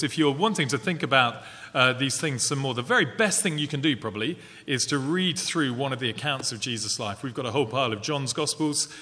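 Calm man host in reverberant church. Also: mid-range voice. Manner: measured, calm, announcing. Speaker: church minister hosting the evening. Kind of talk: closing remarks and scripture reading. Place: large church.

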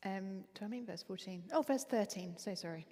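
A woman with an Essex accent preaching a sermon in a conversational, lively way, with frequent ums. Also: mid-range voice, a little fast, long reverb tail.

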